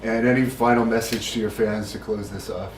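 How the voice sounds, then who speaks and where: A man's voice: on the low side, fairly even intonation, a little fast, a little hiss or hum. A man hosting a podcast, asking a guest brief, easygoing questions. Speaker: podcast host, interviewer. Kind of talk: interview questions.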